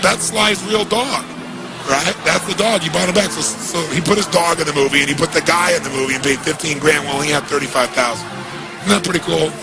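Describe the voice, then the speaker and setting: Male motivational speaker, raspy fried edge, tells a story with punchy rhetorical questions over clear background music. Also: fairly high pitch, fast, low-quality recording. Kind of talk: storytelling seminar speech.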